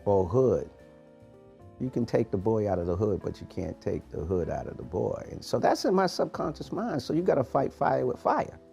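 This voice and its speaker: Gravelly, animated motivational man. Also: on the low side, normal speed, soft background music. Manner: preachy, animated, street-casual phrasing. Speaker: podcast host, motivational coach. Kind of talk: motivational talk.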